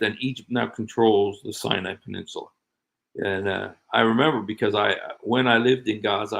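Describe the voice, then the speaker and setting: A middle-aged man hosting a casual livestream chat, rambling and animated with frequent laughs. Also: on the low side, gravelly, rough recording. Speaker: show host.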